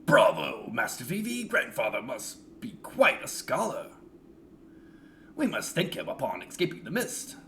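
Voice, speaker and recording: A man's voice: medium pitch, wildly swooping pitch, unhurried, pushed and bright, slight background noise, pitched above the performer's own voice, full character voice. A man voicing a stiff, pompous knight who speaks formally.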